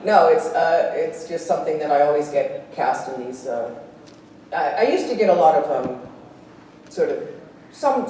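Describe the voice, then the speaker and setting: Lively laughing woman in echoey hall. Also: deep voice. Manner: animated, laughs often, acts out voices. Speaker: guest actress at a convention panel. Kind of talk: convention panel Q&A. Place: convention hall stage. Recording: echoey hall, distant, faint hiss.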